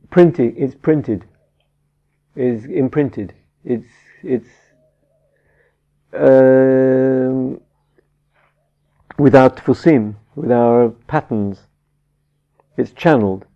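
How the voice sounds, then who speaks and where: A meditation teacher with a medium-pitched, mellow voice gives a Buddhist dharma talk, halting and searching for words with frequent restarts. The recording is dull and lo-fi.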